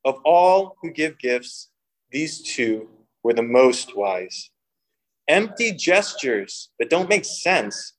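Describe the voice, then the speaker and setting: A young man preaching a sermon, mixing humorous personal stories with scripture and lively voiced quotes. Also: on the high side, low-quality recording. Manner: storytelling with humor, animated quoting. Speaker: pastor.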